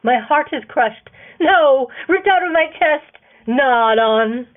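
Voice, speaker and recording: A woman's voice: fairly high pitch, animated, measured pace. A woman voicing a playful, teasing young man with a mock-dramatic, sing-song delivery, on a tinny phone recording.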